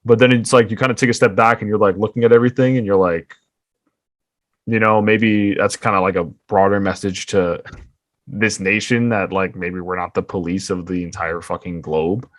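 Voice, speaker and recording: A man's voice: lowish voice, steady tone, normal speed, no room sound, studio quality. A man co-hosting a podcast, talking in a loose, rambling way with lots of filler words. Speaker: podcast co-host. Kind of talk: casual chat.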